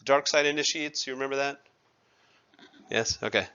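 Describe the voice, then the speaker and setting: A male chemistry teacher lecturing his class in a loose, conversational way, tossing questions to students and making wry jokes at his own expense. His voice is bright and forceful, sitting at an ordinary pitch, and the recording is somewhat dull and lo-fi. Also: fairly even intonation, normal speed, smooth. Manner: conversational, asks students questions, self-deprecating asides.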